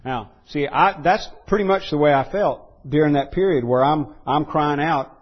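A man preaching a sermon in an earnest way, rising to loud pleading when he voices quotes. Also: on the high side, normal speed, muffled recording. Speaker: pastor.

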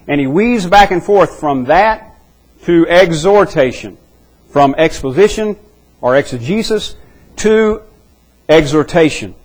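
A man's voice: a little high, lively intonation, unhurried, long pauses, poor audio. A man preaching an expository sermon, earnest and emphatic, often repeating words as he works toward his point.

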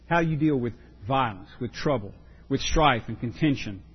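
A pastor preaching a sermon, earnest and emphatic, often repeating words for stress. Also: male voice, medium pitch, lively intonation, moderate pace, breathy edge, dull audio.

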